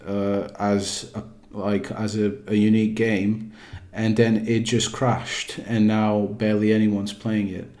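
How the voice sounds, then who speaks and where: A man's voice: lowish voice, a little mellow. A gaming YouTuber, a man using a put-on British accent, talks casually over gameplay footage in a rambling, hesitant way with frequent restarts.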